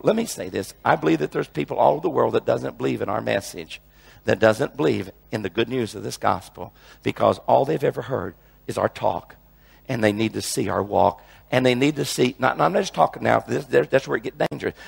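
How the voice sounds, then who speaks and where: A man's voice: mid-range voice, gravelly, breathy edge. A male preacher teaching a sermon in an emphatic way, often repeating phrases and restarting his sentences.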